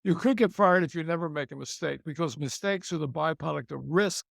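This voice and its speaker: A man's voice: fairly high pitch, a little fast, creaky, fairly bright tone, dry recording. An older man being interviewed about his career, chatting casually and repeating phrases for emphasis. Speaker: interview guest, TV host and author.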